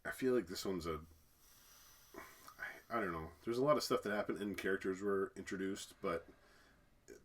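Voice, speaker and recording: A man's voice: sits low, normal speed, pauses often. A man co-hosting a casual talk about a cartoon episode, laughing often and trailing off to restart his sentences. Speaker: podcast co-host. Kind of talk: casual chat.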